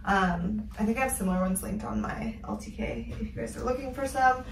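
A woman's voice: mid-range voice, brisk, creaky. A young woman chatting casually in a vlog, upbeat and full of "like" and "um". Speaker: vlogger.

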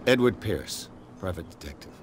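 A man's voice: sits low, animated, moderate pace. An actor playing a curious, probing male private detective who is a war veteran. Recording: game audio with clear noise.

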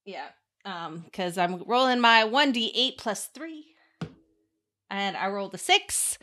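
A woman's voice: medium pitch, animated, slow pace, pushed and bright, slight background noise. A woman playing a tabletop game, giggly and chatty as she announces her rolls. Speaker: player. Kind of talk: casual tabletop play.

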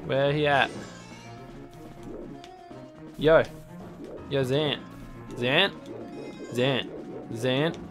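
A young man in casual let's play commentary, swearing a lot and bursting into yells at enemies. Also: medium pitch, drawn-out words, pauses often. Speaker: gaming channel host. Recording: faint game music behind.

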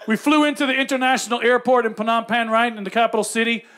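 A middle-aged man performing stand-up with a very high voice. He tells his story in quick, punchy bursts and keeps the delivery animated. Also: a little hiss or hum. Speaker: stand-up comedian. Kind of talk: stand-up comedy.

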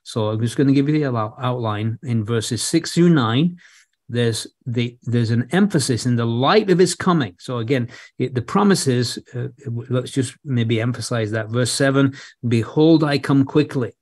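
Measured male preacher, dry sound. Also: mid-range voice, darkish tone, slightly rough, dry recording. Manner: measured, emphatic on key phrases, some repeated words. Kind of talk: expository sermon.

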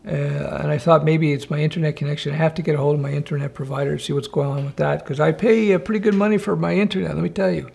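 A man hosts a relaxed live stream from his home office, chatting with viewers and reading their questions aloud. His voice sits a little high for a man and carries a gravelly, fried edge, and he answers with wry, offhand asides. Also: fast talker, hardly any pauses.

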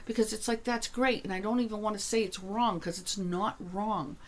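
A woman's voice: medium pitch, steady tone, normal speed. A woman talking about her spiritual work in a casual conversation, blunt and emphatic, swearing freely as she gets heated. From New Hampshire. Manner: grows heated and insistent. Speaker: author and energy worker guest.

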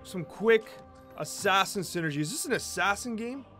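An energetic young man streaming a game live, his voice sitting high and bright as he chatters through his picks. He often doubles back to repeat a phrase, and faint music plays underneath. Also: moderate pace. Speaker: streamer and host.

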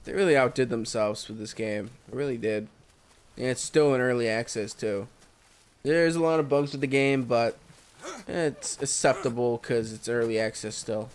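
A man's voice: mid-range voice, moderate pace, smooth. A man giving casual solo commentary over a survival game, exclaiming at surprises. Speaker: gameplay commentator.

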